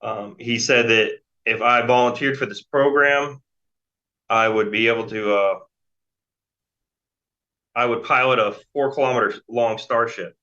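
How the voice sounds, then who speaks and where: An American man in his forties, a guest in an interview, rambles through a long casual story full of fillers and restarts. His medium-pitched voice is bright and forceful yet fairly even in intonation, a little slow with long pauses. The recording has a dull lo-fi sound.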